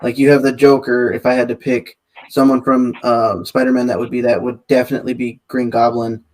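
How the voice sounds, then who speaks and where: Male co-host, middle-pitched, rambling casual talker. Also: flat delivery, fairly quick, darkish tone. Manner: chatty, hesitant, lots of fillers. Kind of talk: casual podcast chat.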